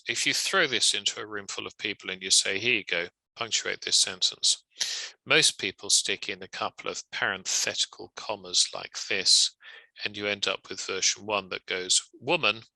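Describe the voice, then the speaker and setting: Male legal trainer, gravelly and bright-edged, wry and measured, dry close sound. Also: lowish voice, no echo, low-quality recording. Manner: measured, wry, conversational explaining. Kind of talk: recorded lecture.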